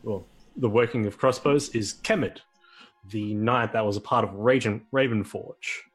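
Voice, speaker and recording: A man's voice: lowish voice, moderate pace, husky, faint music behind. A man narrating a tabletop game as game master, hesitant with many fillers.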